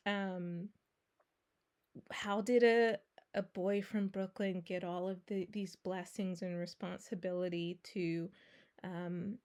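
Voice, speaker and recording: A woman hosting a podcast, giving an earnest solo introduction with pauses and filler sounds. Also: mid-range voice, a little mellow. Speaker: podcast host.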